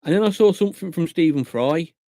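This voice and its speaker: A man's voice: fairly high pitch, fast talker, dry recording, studio quality. Chatty man live-streaming. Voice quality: chatty, animated storytelling with acted-out quotes. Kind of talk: casual live-stream chat. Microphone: desk mic at a computer monitor.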